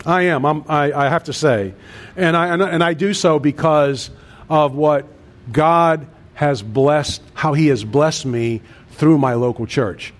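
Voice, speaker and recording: A man's voice: a little high, measured pace. A man in his sixties, a pastor preaching a sermon with an earnest cadence and emphatic repeated lists. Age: 60s.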